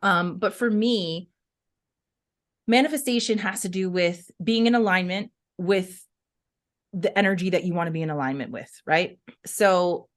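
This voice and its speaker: A young adult woman co-hosting a podcast, chatting casually and telling stories expressively, full of "like" and "right?". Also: lowish voice. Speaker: podcast co-host.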